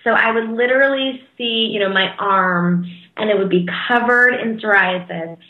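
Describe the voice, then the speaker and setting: A woman's voice: mid-range voice, roomy sound, lo-fi sound. A woman interview guest speaking in a casual, earnest and heartfelt way, with frequent fillers. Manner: earnest, heartfelt, talks in quick bursts with fillers.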